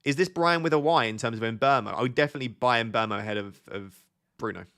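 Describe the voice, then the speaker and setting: A man's voice: mid-range voice, fast, a bit bright. A man chatting casually on a live stream, reading out viewer questions and answering them. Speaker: fantasy football streamer.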